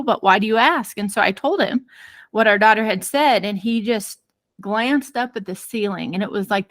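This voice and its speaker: In an interview, a woman parenting expert tells a personal story in a lively way, acting out the voices of the people she quotes. Her voice is mid-range, there's no room sound, and she uses many fillers and restarts.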